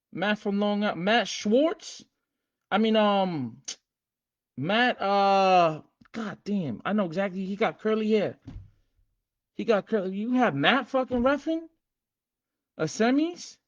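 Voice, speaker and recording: A man's voice: high-pitched, highs cut off. Hyped streetwise man on a livestream. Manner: hyped, streetwise, repetitive, shouting out viewers. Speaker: livestream host teaching game rules. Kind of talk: casual livestream chat.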